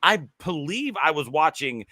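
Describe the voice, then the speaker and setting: A man co-hosting a podcast, talking excitedly in casual chat with many restarts and halting phrases. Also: on the high side, no echo, studio quality. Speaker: podcast co-host.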